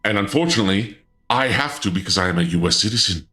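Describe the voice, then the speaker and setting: A man streaming casually in a dark lord persona, flustered and indignant, stammering and restarting often, with sudden high-pitched outbursts. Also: animated, quick pace, faint music behind.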